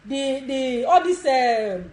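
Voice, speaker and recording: Her voice is high-pitched, expressive and a little mellow, and she takes her time. She is a Nigerian-accented woman in her sixties leading a live video demonstration on social media with bold directions and lots of laughter, recorded in an echoey space.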